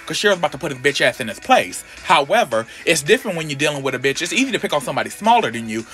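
A man's voice: fairly high pitch, expressive, fast, hardly any pauses, pushed and bright, soft background music. A man recapping a comic in a casual, sassy, profane and gossipy way.

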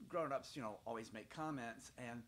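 At home by the fire, an older man from Georgia spins chatty, playful, rambling folk stories for children in a Southern accent. He has a mid-range, somewhat bright voice and a moderate pace, with slight background noise.

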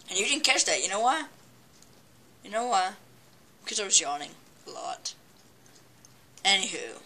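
A casual gameplay commentator with a bright, forceful voice, rambling and chatty as they play. They stammer and restart often and talk back at whatever is on screen. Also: mid-range voice, slight background noise. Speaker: gameplay video maker.

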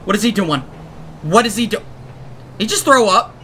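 A young man giving excitable gameplay commentary, often shouting and laughing as he plays. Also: very high-pitched, a little fast, long pauses, slight background noise. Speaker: gaming YouTuber.

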